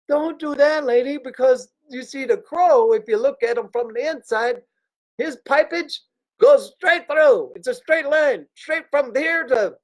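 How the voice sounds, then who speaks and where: A livestream host with a very high-pitched voice tells a crude, joking story at a moderate pace. His storytelling is loose and digressive, a rambling string of anecdotes.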